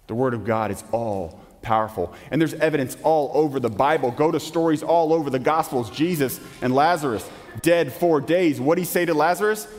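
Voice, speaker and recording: Emphatic preacher in a reverberant church. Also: male voice, on the high side, moderate pace, hardly any pauses. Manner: emphatic, with rhetorical questions and sudden drops to a hush. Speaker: pastor. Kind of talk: sermon. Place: church sanctuary. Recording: long hall reverb.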